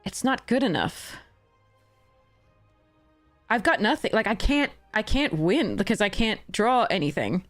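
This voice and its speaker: A woman's voice: mid-range voice, big pitch swings, a little slow, long pauses, faint music behind. A young adult woman streaming a card game, talking to herself in frustration, swearing and laughing in exasperation. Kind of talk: livestream game commentary.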